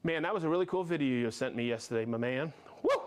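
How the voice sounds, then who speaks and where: A man hosting a live stream, upbeat, reading off viewer names and places with quick friendly asides. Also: medium pitch, expressive. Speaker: livestream host.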